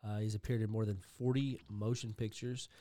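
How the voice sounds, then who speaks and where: A man co-hosting a podcast, reading out film credits in a casual, halting way with many pauses and fillers. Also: fairly low pitch, level tone, warm tone, no room sound. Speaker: podcast co-host. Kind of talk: casual chat.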